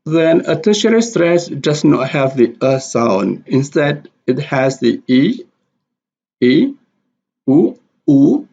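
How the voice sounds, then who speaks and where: A man teaching English pronunciation, explaining stress and repeating example words slowly and deliberately. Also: mid-range voice, creaky, a little mellow. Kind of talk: slow explanatory lesson with spoken examples. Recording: dull lo-fi recording.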